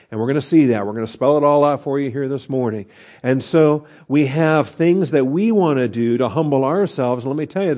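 A man preaching an expository Bible lesson, often pausing to check that listeners follow with a quick "okay?". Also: fairly high pitch, dark tone. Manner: explanatory teaching, frequent "okay?" checks, filler restarts. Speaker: pastor teaching a Bible study. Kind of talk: expository sermon.

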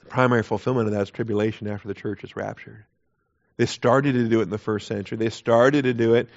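A man's voice: on the low side, fairly even intonation, fast, gravelly. Emphatic male Bible teacher, lo-fi recording. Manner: emphatic, repeats phrases, asks rhetorical questions. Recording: dull lo-fi recording.

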